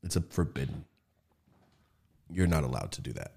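A young man hosting a podcast, chatting casually and telling animated stories with quick jumps into high mimicking voices. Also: vocal fry, husky. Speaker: podcast host.

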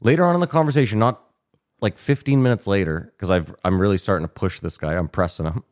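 Man, very low pitch, lively profane storyteller on a podcast mic. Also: fast talker. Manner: animated storytelling, swearing, laughing often. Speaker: podcast host. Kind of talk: casual podcast chat.

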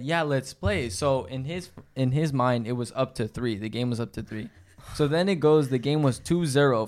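A young man co-hosting a casual chat, telling a story in a brisk, step-by-step way. His voice sits at an ordinary male pitch.

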